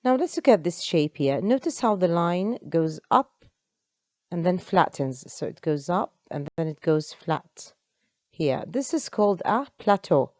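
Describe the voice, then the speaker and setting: A woman's voice: lowish voice, lively intonation, measured pace, darkish tone, dry recording. A woman, an English teacher explaining step by step in an online lesson. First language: Arabic.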